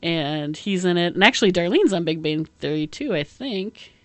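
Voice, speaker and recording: A woman chats casually as a podcast co-host, her voice sitting a little low. She rambles, piles on fillers and laughs often. The sound is dry and close. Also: lively intonation, moderate pace, dry recording. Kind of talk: casual chat.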